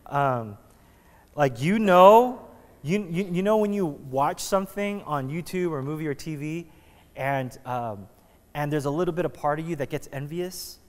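Pastor, male, slightly high voice, chatty joking sermon delivery, long church-hall reverb. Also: animated, a little slow, darkish tone. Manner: casual, joking, conversational preaching with frequent restarts. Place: church sanctuary.

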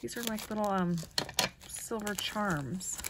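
A woman chatting casually as she unboxes a package of craft supplies, gushing with delight and often dropping to a soft whisper. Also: medium pitch, expressive, takes it slowly, very noisy. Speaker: crafting vlogger.

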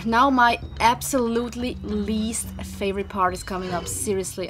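A woman's voice: fairly high pitch, moderate pace. A young woman commentating her video game play casually, frustrated and swearing often at the game. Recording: game music behind the voice.

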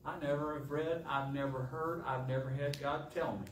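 A middle-aged man preaching a sermon in a church, asking rhetorical questions and pausing for effect. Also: medium pitch, steady tone. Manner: rhetorical questions with dramatic pauses. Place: church sanctuary. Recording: echoey church, distant mic, faint hiss.

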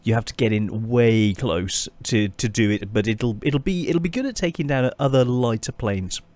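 A man giving casual, chatty gameplay commentary as a channel host, often pausing and restarting his sentences. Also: mid-range voice, darkish tone, no echo. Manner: chatty, halting, many restarts and fillers.

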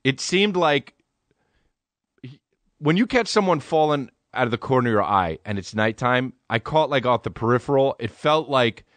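Man, podcast host, comedic storytelling, rambling, profane, laid-back, mid-pitched voice, dry close sound. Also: animated, moderate pace, a bit bright, no echo.

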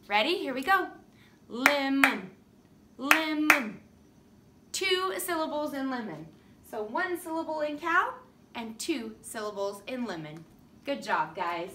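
A woman's voice: high voice, bright, forceful tone, far from the mic, slight background noise. A woman teaching a kindergarten lesson to young children in a sing-song, cheerful teacher voice. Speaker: preschool teacher. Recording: echoey room, voice from off the mic.

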